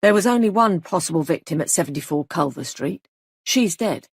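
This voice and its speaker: A woman's voice: lowish voice, animated, fairly quick, breathy edge, no room sound, clean studio sound. A woman voicing a grave male police sergeant who questions people in a clipped, insistent way. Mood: stern.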